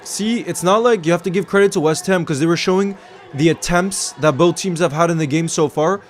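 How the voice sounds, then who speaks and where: A man giving excitable live commentary on a football match while greeting viewers in his chat. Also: a little high, a little fast. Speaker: watchalong streamer.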